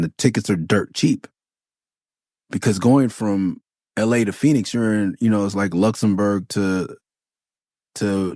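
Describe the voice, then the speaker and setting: Low-voiced profane storyteller, a man. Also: no room sound, studio quality. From Los Angeles. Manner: profane, animated anecdote-telling. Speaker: podcast host. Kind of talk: casual storytelling.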